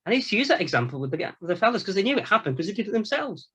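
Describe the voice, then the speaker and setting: A priest with a fairly high male voice gives a relaxed Lenten talk. He tells anecdotes in a conversational, colloquial manner and acts out the voices of the people in his stories. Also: racing, breathy edge. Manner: storytelling, animated anecdotes with quoted voices; informal, colloquial phrasing. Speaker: Catholic priest, former prison chaplain.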